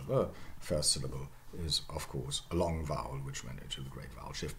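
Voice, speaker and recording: A man giving a university lecture on historical phonology, slowly demonstrating word pronunciations and checking in with "okay?". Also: a bass voice, expressive, a little hiss or hum. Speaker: linguistics professor.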